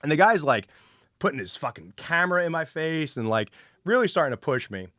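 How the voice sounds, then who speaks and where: A man's voice: on the high side, sing-song, a little fast, fairly bright tone, no room sound, studio quality. A middle-aged man hosting a podcast, telling a story in casual chat, acting out quotes and swearing freely. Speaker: podcast host.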